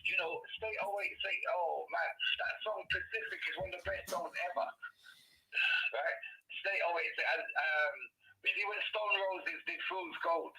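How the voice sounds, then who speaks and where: A man's voice: high-pitched, normal speed, a little hiss or hum, low-quality recording. A man from England talking animatedly and casually, swearing as he reminisces. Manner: animated, swearing, nostalgic storytelling. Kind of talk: casual chat.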